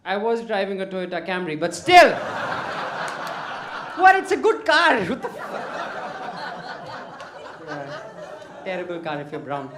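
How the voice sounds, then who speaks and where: A man's voice: high-pitched, big pitch swings, a little slow, long pauses, background noise. A man from India with an Indian accent doing a brash, profane stand-up set on a comedy club stage with a handheld mic. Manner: brash, profane, mocking punchlines. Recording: roomy club sound with audience laughter.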